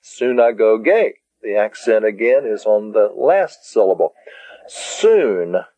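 A man teaching a taped language lesson, speaking deliberately and spelling words out syllable by syllable. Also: fairly low pitch, mellow, no echo. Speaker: Greek teacher. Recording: dull lo-fi cassette tape.

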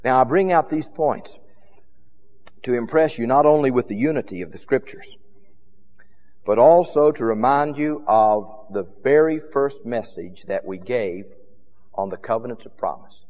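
A man preaching a sermon with emphatic, rhythmic repetition, his loudness rising and falling widely. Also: medium pitch, measured pace, in a large hall.

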